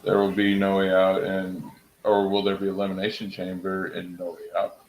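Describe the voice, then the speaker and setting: A young man talks casually on a home live stream, rambling and excitable, often laughing at his own stories. His voice sits a little low for a man. The room around him is echoey and roomy. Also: moderate pace, a little hiss or hum.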